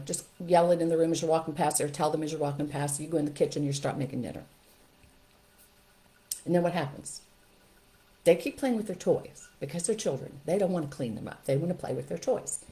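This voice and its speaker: An older woman, a grandmother, giving firm parenting advice in an animated way and acting out what parents and children say. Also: fairly low pitch, fairly quick. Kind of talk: instructional talk to camera.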